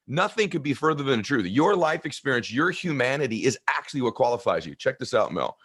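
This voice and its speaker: A man in his fifties with a deep voice, telling personal stories earnestly in a conversation. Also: very animated, fast talker, a bit bright, breathy edge. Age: 50s. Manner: earnest, heartfelt. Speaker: guest.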